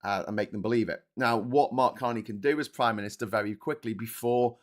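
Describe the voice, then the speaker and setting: A man in the middle of an opinionated morning livestream. He talks bluntly, swears freely, and breaks off to answer viewers' comments with animated asides. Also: mid-range voice, brisk. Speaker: host of a morning politics livestream. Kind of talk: casual political commentary.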